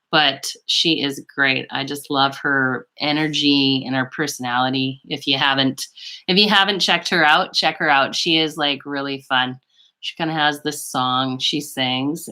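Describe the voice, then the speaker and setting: Low bright-voiced chatty Canadian woman. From western Canada. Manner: chatty and rambling, full of fillers and asides. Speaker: beauty vlogger hosting a live stream. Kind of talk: casual live chat, reading viewer comments.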